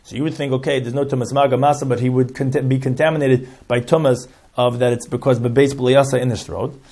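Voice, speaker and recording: A man's voice: mid-range voice, fairly even intonation, fast talker, darkish tone. A man teaching a Talmud lesson, reading Hebrew and Aramaic terms and translating each into English, often stopping and restarting phrases. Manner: stops and restarts phrases while explaining. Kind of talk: explaining a Talmud text line by line.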